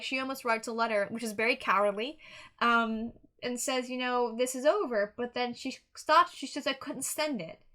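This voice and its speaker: Bright-voiced young woman rambling earnestly. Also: a little high. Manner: rambling, earnest, with frequent restarts and fillers. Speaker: music reaction reviewer. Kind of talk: casual song review monologue.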